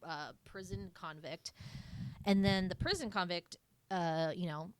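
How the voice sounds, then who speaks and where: A woman's voice: on the low side, unhurried, clear, resonant tone, dry recording. A woman co-hosting a podcast, casually recapping a movie in a rambling way with lots of fillers. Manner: rambling, filler-heavy retelling with mock voices. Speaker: podcast co-host.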